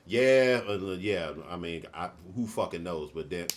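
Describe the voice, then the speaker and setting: Low-voiced man joking crudely. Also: animated, measured pace, slight background noise. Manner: laughing, crude joking banter. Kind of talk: casual chat.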